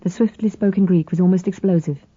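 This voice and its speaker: A woman reads a novel aloud in the first person, her voice low and deeply mellow. Her delivery is even and measured. The recording is dry and slightly dull, with a lo-fi edge. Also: breathy edge, no echo. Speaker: audiobook narrator. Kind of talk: scripted first-person narration.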